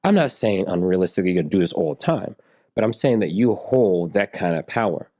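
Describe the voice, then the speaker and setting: Low, mellow-voiced man telling stories. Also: brisk, no room sound, studio quality. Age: 40s. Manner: animated storyteller who acts out dialogue in raised voices. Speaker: interview guest, software engineer. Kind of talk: storytelling in a relaxed interview.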